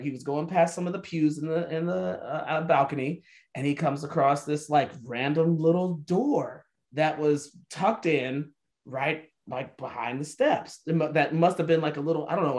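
A man casually telling a spooky story among friends, acting out the people in it with big jumps in his voice. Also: moderate pace. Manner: animated, acts out quotes with big pitch jumps. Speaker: podcast co-host.

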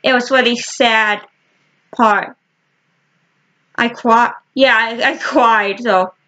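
A woman casually showing her book collection to the camera, talking in short halting fragments with frequent restarts. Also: fairly high pitch, fairly even intonation, sharp tone, muffled recording. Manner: slow and rambling. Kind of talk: casual chat.

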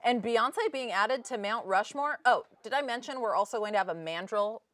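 A young woman anchors a comedic spoof newscast in a playful, sarcastic voice. She sits on the higher side of the pitch range, and the studio sound is close and dry. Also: normal speed, fairly bright tone, no room sound. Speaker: student news anchor.

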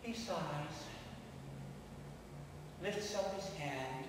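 A man with a high voice preaches a dramatic storytelling sermon at a slow, deliberate pace. He swings from loud to hushed as he tells the story. His voice carries through a long, echoing church from well away from the microphone. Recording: echoey church hall, mic far off.

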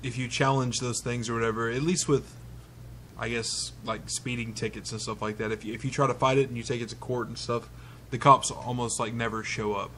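Podcast guy, kinda halting, trips over his starts, faint background noise. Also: medium pitch, fairly even intonation, fairly bright tone. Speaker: podcast co-host. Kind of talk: casual chat.

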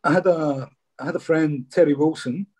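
A man's voice: fairly high pitch, moderate pace, a little mellow, breathy edge. A Scottish man, a former footballer, telling stories casually in an interview and often saying "mate". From Scotland. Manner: chatty, says "mate" a lot.

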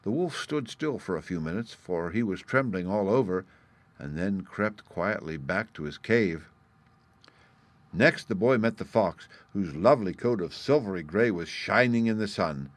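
A man narrating a fairy tale in a measured, clear way. His voice sits on the low side, and the sound is dry and close. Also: expressive, dry recording.

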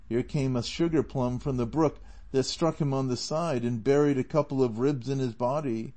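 A man narrating a classic novel as an audiobook in a steady, measured way. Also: mid-range voice.

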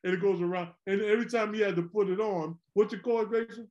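High-voiced man telling rambling stories. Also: fast talker, lo-fi sound. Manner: animated, rambling, repeats words. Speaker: former pro basketball player, co-host. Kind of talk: casual storytelling chat.

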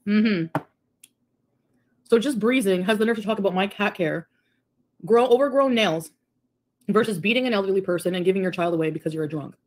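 A woman's voice: medium pitch, brisk, long pauses, darkish tone. A woman talking casually to camera in a defiant, mocking way. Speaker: video creator being reacted to.

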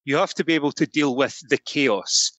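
A man's voice: a little high, normal speed, fairly bright tone, dry recording. A Scottish man giving friendly, thoughtful answers as a podcast guest. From Scotland. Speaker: podcast guest, entrepreneur coach. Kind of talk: interview answers.

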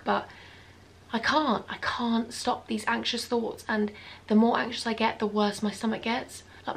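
A young British woman with a slightly high, creaky voice records a confessional vlog. She sounds anxious and self-critical, often dropping to a quiet whisper.

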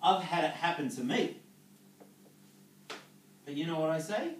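A man's voice: on the high side, animated, measured pace, a little hiss or hum. A man giving a motivational business talk to an audience, coaching and checking in with short questions. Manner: coaching, checks in with "okay?" and "yeah?". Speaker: network marketing speaker. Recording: echoey room, voice from far off.

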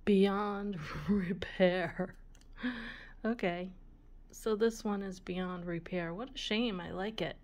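A woman hosting a vintage jewelry video, musing aloud in a soft, relaxed voice and sometimes dropping to a whisper. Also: lowish voice. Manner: slow, soft-spoken, musing aloud, often drops to a whisper. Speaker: vintage jewelry channel host. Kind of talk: casual show-and-tell of jewelry.

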